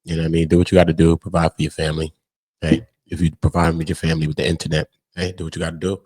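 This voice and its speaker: A man's voice: very deep voice, level tone, very fast, darkish tone, slightly rough, no room sound. A man commenting on a call he has just played, in a laid-back way with repeated "you know what I mean". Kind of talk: casual reaction commentary.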